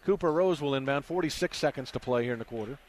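A man doing fast radio play-by-play for a high school basketball game, getting loud and excited on big shots. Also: slight background noise. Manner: rapid, excitable, rises loudly on big shots.

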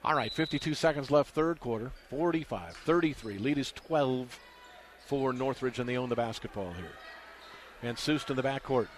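A man doing fast radio play-by-play for a high school basketball game, getting loud and excited on big shots. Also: slight background noise. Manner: rapid, excitable, rises loudly on big shots.

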